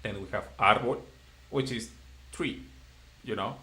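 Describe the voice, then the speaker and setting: A man teaching a beginner class in English, patient and encouraging as he explains rules slowly. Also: lowish voice, sharp tone. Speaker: Spanish teacher. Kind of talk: live-streamed online language lesson.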